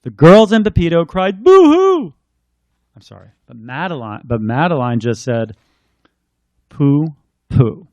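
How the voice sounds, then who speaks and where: A man's voice: mid-range voice, big pitch swings, brisk, hardly any pauses, darkish tone, dry recording, dull audio. A man, a children's book author, chatting in rambling asides and then reading his picture book aloud.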